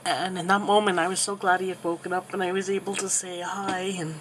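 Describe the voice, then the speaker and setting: A woman in her thirties telling a personal story while crafting, soft and halting with many pauses, becoming tearful. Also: on the low side, flat delivery, slight background noise, poor audio. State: tearful, getting emotional. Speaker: crafting channel host.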